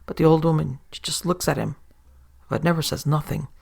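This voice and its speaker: A woman's voice: deep voice, brisk, creaky, a little mellow, slightly rough. A woman narrating a horror tale of the sea in a folksy sailor-yarn manner. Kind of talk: horror story reading.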